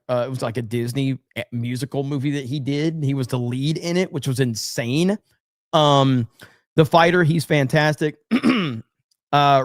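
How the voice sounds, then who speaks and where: A man's voice: mid-range voice, no room sound, studio quality. A man hosting a livestream podcast, chatting casually, reading donations and trading blunt, profane, mock-angry banter with his chat.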